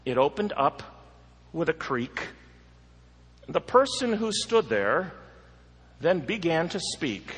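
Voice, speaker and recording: A man reads a rhyming story aloud in a slow, measured, theatrical way. His voice is bright and slightly husky, and a long reverb hangs on every line as if he were in a large hall. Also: fairly high pitch. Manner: expressive and theatrical.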